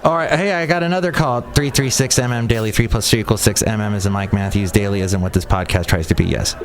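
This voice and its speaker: A man's voice: on the low side, fast talker, crowd noise. A man hosting his own comedy podcast, sarcastic and rambling, with a self-deprecating edge. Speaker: podcast host. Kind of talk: solo comedy podcast monologue.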